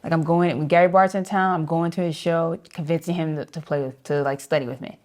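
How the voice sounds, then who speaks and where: Lively New woman telling stories. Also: low voice, fairly quick. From New York. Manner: lively, laughs often, acts out voices in her stories. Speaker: saxophonist, interview guest. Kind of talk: animated storytelling with acted-out quotes.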